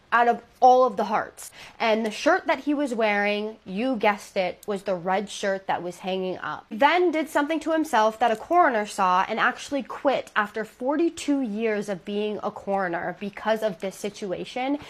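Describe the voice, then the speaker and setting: A woman telling a true scary story in a casual, dramatic way, talking straight to her viewers. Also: medium pitch. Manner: chatty, dramatic, addresses viewers directly.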